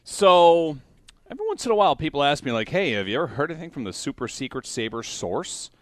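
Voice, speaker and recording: A man's voice: fairly high pitch, very animated, fast, no room sound. A man co-hosting a casual radio chat, teasing his partner with short interjections. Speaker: radio co-host.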